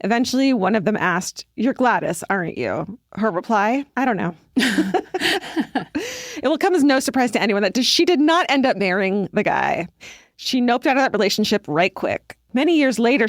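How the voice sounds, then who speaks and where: A woman's voice: a little high, no echo. Dry-voiced woman co-host reading aloud. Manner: animated storyteller, swears freely. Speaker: podcast co-host reading listener letters. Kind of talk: casual chat and reading listener stories aloud.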